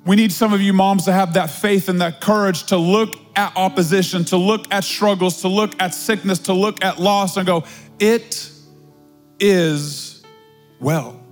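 A high-pitched male pastor preaching to his congregation, stretching out key words and repeating phrases for emphasis. The sound carries a long church-hall reverb, with faint music underneath. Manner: preaching with drawn-out emphatic repetition. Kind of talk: sermon.

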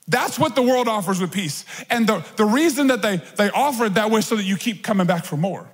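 A high-voiced, husky male pastor preaches in a loose, conversational way. He slips into other voices to act things out. The sound carries a long reverb from a large church hall. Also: expressive, normal speed, hardly any pauses. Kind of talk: sermon.

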